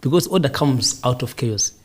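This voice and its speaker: Podcast host, male, husky tone, calm and reflective answers in repeated short lines. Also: mid-range voice, moderate pace. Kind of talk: casual interview answers.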